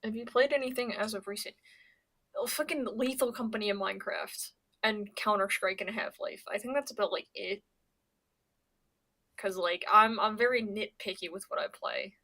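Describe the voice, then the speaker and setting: A young woman from Pennsylvania chats casually on her stream, rambling, swearing, and stammering through lots of restarts. Her medium-pitched voice sounds pushed and bright, at a moderate pace.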